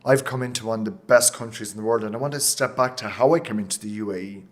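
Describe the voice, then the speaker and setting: A man with an Irish accent, a company founder answering interview questions in a passionate, emotional way, with quick bursts and many restarts. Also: medium pitch. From Ireland. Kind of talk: interview conversation.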